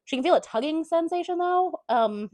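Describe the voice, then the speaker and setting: A woman's voice: high-pitched, expressive, normal speed, a little mellow, dry recording. A woman giving a casual chapter-by-chapter book recap, chatty, throwing in blunt swearing asides and half-acting the characters' lines.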